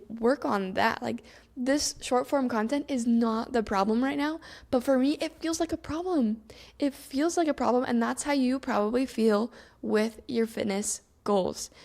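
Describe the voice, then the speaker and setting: A young adult woman hosting a solo podcast, talking in a chatty, animated way and acting out her own inner thoughts. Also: on the high side, vocal fry. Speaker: podcast host.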